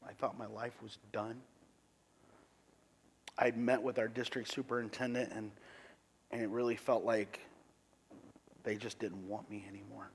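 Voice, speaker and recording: A middle-aged man, a pastor, giving a sermon testimony in an earnest, halting way with many restarts. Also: fairly low pitch, flat delivery, vocal fry, slight background noise.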